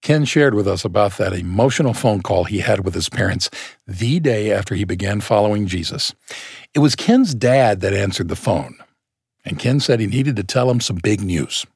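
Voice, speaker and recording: Low, husky podcast host. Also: male voice, expressive, normal speed, a little mellow, no echo, studio quality. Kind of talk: scripted podcast narration.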